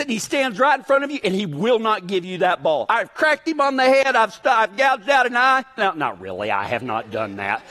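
A man preaching a sermon, telling a folksy, joking story in an animated way before turning to his point. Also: very high voice. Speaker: pastor.

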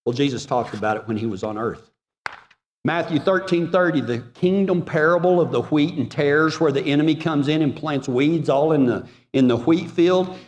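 A man preaching a sermon with passion, swinging from loud urging to hushed pleading. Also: a little high, normal speed. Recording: long reverb of a hall.

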